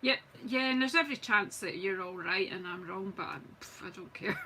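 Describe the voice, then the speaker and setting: On a low-quality recording with faint hiss, a Scottish woman in middle age chats through a live-streamed card-making demo. Her voice sits mid-range and sounds brisk and sharp as she keeps up self-mocking banter while working.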